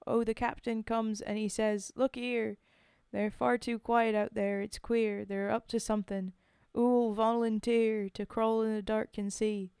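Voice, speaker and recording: A woman voicing a plucky Cockney wartime woman in a dramatic poetry reading, with a rough put-on accent. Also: a little high, flat delivery, a little slow, a little mellow, no room sound, clean studio sound. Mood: storytelling. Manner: rough, self-admittedly shaky accent in a sing-song reading.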